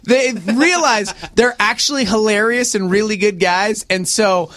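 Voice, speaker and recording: A man in his forties in casual chat, an animated storyteller who acts out other people's voices and says "dude" a lot. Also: high voice, unhurried, dry recording.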